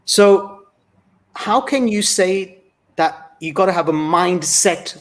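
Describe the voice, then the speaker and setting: A man's voice: sits high, slow pace. A man speaking as a guest on a talk show, earnest and reflective, often restarting his phrases. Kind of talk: conversational monologue.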